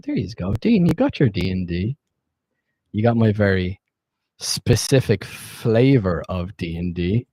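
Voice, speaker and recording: Man, game master on a live stream, low voice, dry close sound, rambling and sweary. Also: sing-song, unhurried, dark tone, no room sound. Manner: loose and rambling, swears often. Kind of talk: casual live-stream chat.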